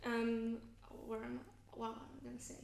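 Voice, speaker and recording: A young woman with a light British-Australian tinge to her accent, chatting as a podcast guest, halting with fillers and restarts. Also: on the high side, little pitch movement, vocal fry, darkish tone, roomy sound, slight background noise. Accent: mixed British and Australian tinge. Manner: hesitant, many fillers and restarts. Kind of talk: casual podcast interview.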